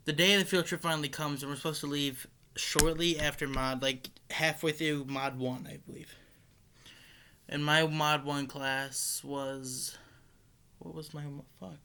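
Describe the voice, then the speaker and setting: A man's voice: fairly high pitch, fairly even intonation, a little slow, pushed and bright, a little hiss or hum. A teenage boy telling a school story in a casual, rambling way, full of likes, restarts and the odd swear. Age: teens. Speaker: high school student.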